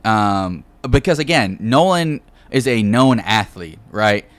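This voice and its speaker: A man's voice: lowish voice, animated, takes it slowly, no echo. A man hosting a podcast, giving his views in a hedging way full of fillers. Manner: hedging, filler-heavy talk. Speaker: podcast host. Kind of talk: casual podcast chat.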